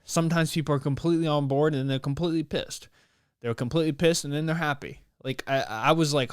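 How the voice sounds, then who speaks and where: A man's voice: fairly high pitch, fast, clear, resonant tone, no room sound, studio quality. Rambling, slangy man podcaster. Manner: rambling, animated, slangy, with playful put-on voices. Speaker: podcast host. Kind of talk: casual solo podcast monologue.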